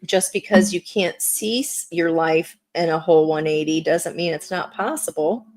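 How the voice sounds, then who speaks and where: A woman's voice: on the low side, moderate pace, a little mellow. A woman giving a live tarot reading, chatty and encouraging, with plenty of fillers. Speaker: tarot reader.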